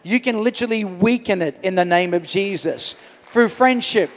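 A middle-aged male pastor preaching a sermon in a large church hall, swinging from loud to hushed. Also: high-pitched, normal speed. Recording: reverberant church hall with music.

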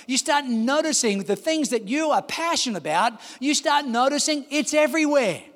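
High-voiced impassioned pastor in a reverberant hall. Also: male voice, animated, normal speed. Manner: impassioned, rising to shouts, calls to the congregation. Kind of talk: sermon. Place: large church hall.

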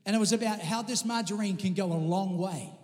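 High-voiced pastor in reverberant hall. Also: male voice, fast, darkish tone. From Australia. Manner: emphatic preaching, calls for amens. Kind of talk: sermon. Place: church sanctuary. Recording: long reverb of a large hall.

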